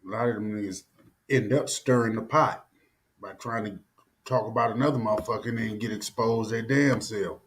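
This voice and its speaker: A man co-hosting a casual live-stream talk, speaking in a slangy drawl with quick agreeing asides. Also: on the low side, steady tone, slight background noise. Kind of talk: casual chat.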